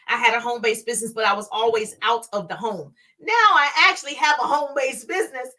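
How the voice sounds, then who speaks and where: A middle-aged woman telling her own story in a casual, animated way as she teaches social media marketing, laughing often and breaking into playful exclamations. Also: fairly high pitch.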